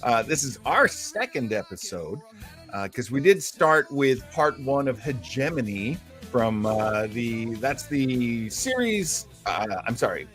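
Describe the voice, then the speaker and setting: A man's voice: medium pitch, fairly bright tone. A man hosting a casual live stream, rambling and self-mocking with many fillers. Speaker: show host.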